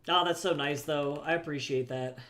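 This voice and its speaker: A man's voice: a little high, fairly even intonation, normal speed, a bit bright. A young man who draws comics on a livestream, chatting casually, thinking aloud as he works and answering his chat. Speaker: comic artist streamer.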